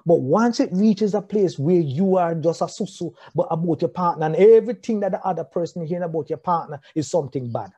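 A man's voice: on the high side, lively intonation, a little fast, hardly any pauses, dark tone, husky. A Jamaican man preaching about marriage, asking rhetorical questions, repeating phrases and chuckling often. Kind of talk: sermon on marriage.

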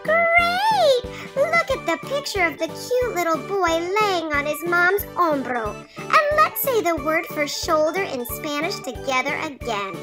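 A woman's voice: very high voice, very animated, measured pace, heavily acted. A woman voicing a cheerful little girl puppet who teaches in a sing-song, encouraging way in a children's puppet lesson. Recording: children's music playing behind.

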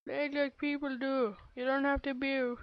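High, excitable gamer girl, lo-fi mic. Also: normal speed, no echo. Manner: excitable and playful, slipping into baby talk. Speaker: let's play gamer. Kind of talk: live gameplay commentary. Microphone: close microphone. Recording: dull lo-fi home mic.

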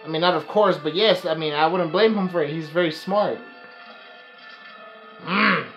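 A woman's voice: sits low, normal speed, highs cut off, faint music behind. A woman reacting live to an anime episode, with emotional, profane outbursts. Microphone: webcam.

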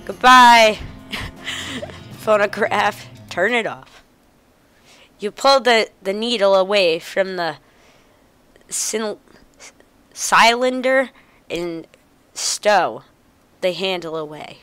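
A woman's voice: medium pitch, slow pace, long pauses, fairly bright tone, clean tone, dry recording, faint music behind. A woman playing a video game, reading the game text aloud and chuckling as she goes. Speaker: gamer. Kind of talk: let's play commentary.

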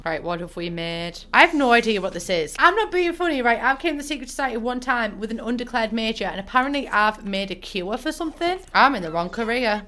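A woman's voice: mid-range voice, animated, a little fast, few pauses, sharp tone. Chatty Northern English woman gamer. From northern England. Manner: chatty, playful, jokey asides to the viewer. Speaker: gaming YouTuber. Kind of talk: casual let's-play commentary.

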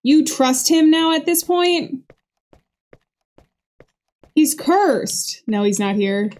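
A young woman with a high, expressive, slightly mellow voice stretches out her words while doing let's play commentary. As a gaming video creator, she jokes nervously through a horror game and voices its dialogue aloud.

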